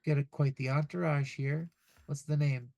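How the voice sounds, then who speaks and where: A man narrating as game master in a relaxed way, with lots of ums and uhs. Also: on the high side, moderate pace, no echo, lo-fi sound. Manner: relaxed, many fillers.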